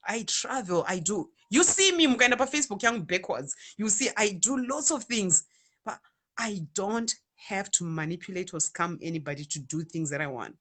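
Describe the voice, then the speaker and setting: Zimbabwean woman host, bright voice, animated chatty delivery. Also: mid-range voice, normal speed. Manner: animated, mixing Shona and English. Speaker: online radio DJ and ministry speaker. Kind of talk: casual talk to viewers.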